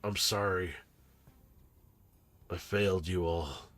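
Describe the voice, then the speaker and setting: A man voicing a male robot soldier who shouts defiance while firing, then falters. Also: fairly low pitch, steady tone, a little slow, dry recording. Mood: shaken.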